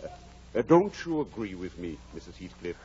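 An actor playing a blunt but caring older country doctor in a 1940s radio drama, wry and then gravely earnest. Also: male voice, sits low, very animated, moderate pace, mellow. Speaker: Doctor Kenneth. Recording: dull, faintly hissy 1940s radio broadcast.

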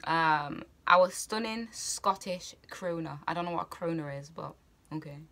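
A woman's voice: deep voice, unhurried, very noisy. A woman vlogger chatting casually about a reality show, thinking aloud and rambling with lots of fillers. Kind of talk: casual chat.

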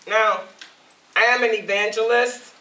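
A woman's voice: a little high, fairly even intonation, a little slow, sharp tone. Woman evangelist preaching in an echoey room. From Alabama. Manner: calls out to the congregation, rising and emphatic. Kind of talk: sermon and prayer. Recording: roomy and distant from the mic.

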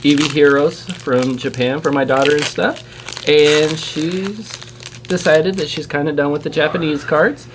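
A man's voice: fairly high pitch, steady tone, measured pace, noisy background. A man hosting a casual unboxing video. He chats eagerly and reels off card names as he opens packs. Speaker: channel host opening trading card packs. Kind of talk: casual chat while unboxing.

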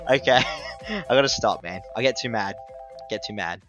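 A man's voice: medium pitch, fast talker, faint music behind. A young man reviewing a phone app in an exasperated, ranting vlog style. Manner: exasperated, ranting, swings loud and excited.

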